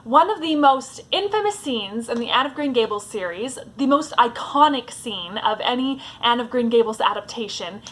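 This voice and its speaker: A woman's voice: fairly high pitch, lively intonation, normal speed, few pauses, a bit bright. A woman giving a casual, chatty vlog talk as a book vlogger, with a fond tone and lots of "like"s.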